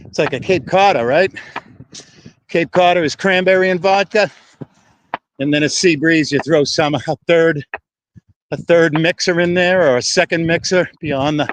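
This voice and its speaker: Slightly winded from walking, a man live-streams outside in a breeze and wind, talking casually to his viewers with plenty of profanity. His voice sits in the mid-range, and there's a little hiss or hum.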